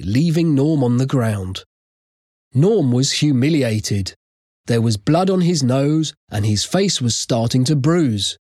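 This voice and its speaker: A narrator reading a chapter of a children's story aloud, with expressive storytelling. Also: medium pitch, no room sound, clean studio sound. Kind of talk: audiobook reading.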